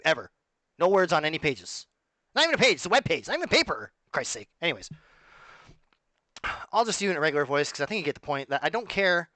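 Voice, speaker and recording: Rambling, sarcastic man, high voice. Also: sharp tone, no echo. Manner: rambling, sarcastic, self-interrupting. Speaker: musician and vlogger. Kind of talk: casual rambling monologue.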